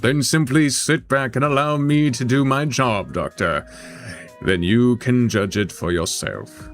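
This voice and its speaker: A man voicing an ambitious, power-hungry male agent boss in a tabletop game, smooth, persuasive and commanding. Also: mid-range voice, measured pace, faint music behind, close to an everyday voice.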